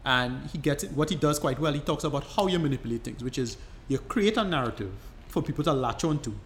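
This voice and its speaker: A man's voice: fairly high pitch, expressive, quick pace, a bit bright, a little hiss or hum. A man co-hosting a podcast, explaining at length in casual chat, rambling and restarting his sentences. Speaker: podcast co-host.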